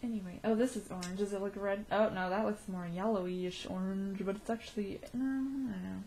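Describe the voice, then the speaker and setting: Excitable rambling woman vlogger. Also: mid-range voice, a little fast, hardly any pauses, slight background noise. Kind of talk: casual video diary.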